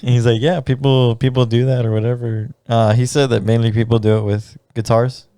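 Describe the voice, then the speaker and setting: Podcast host man, laughs a lot, dark mellow voice, dry close sound; rambly storyteller. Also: mid-range voice, level tone, fairly quick, smooth, dry recording. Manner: laughs often, rambling storytelling with many fillers. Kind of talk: casual chat.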